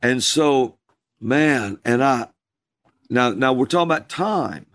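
A man telling a story at an unhurried, drawn-out pace. His voice is dry and close, with no room around it, and sits at a middle pitch. He sounds like a minister sharing a testimony in a talk show. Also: expressive, fairly bright tone, no echo. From USA. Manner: slow, drawn-out storytelling with calls acted out in a high voice. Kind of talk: storytelling in a conversation.

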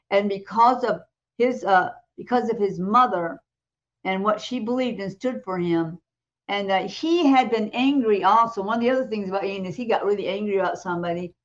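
A woman co-hosting a talk show, retelling a testimony in a lively way and acting out the voices in it. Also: mid-range voice, muffled recording. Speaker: co-host. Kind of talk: animated testimony storytelling.

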